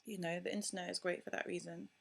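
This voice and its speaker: A woman's voice: lowish voice, fast talker, creaky, slightly rough. Outspoken young mother vlogging. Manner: outspoken, opinionated and animated. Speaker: parenting vlogger. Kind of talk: casual talk to camera.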